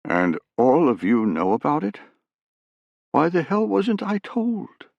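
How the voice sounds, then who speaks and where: A man's voice: fairly high pitch, huge pitch swings, slow pace, vocal fry, darkish tone, no echo, highs cut off, pitched above the performer's own voice, full character voice. A man voicing an indignant middle-aged male intelligence director who swears in anger. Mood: outraged.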